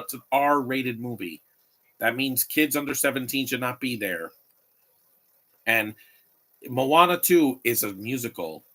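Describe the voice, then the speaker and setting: A man's voice: lowish voice, bright, forceful tone. A man giving live watch-along commentary on a movie, opinionated and rambling, often restarting his sentences.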